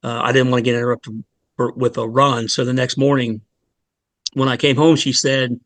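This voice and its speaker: Earnest halting man, dry sound. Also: medium pitch, level tone, a bit bright, dry recording. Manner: earnest, halting, retelling his story. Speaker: fire department lieutenant, guest. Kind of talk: candid podcast interview.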